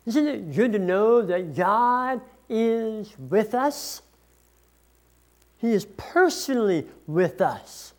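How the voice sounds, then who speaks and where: A preacher delivering a sermon at an unhurried, measured pace, pausing between phrases. Scripture is read aloud with weight and stress on key words, and the voice sits at a middling pitch. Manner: slow, deliberate preaching, reading scripture aloud with emphasis. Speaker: pastor.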